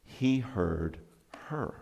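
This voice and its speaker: A middle-aged man, a counselor, giving an earnest, conversational seminar talk and telling personal stories, often dropping his voice low for emphasis. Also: lively intonation, extremely slow, creaky, darkish tone, muffled recording.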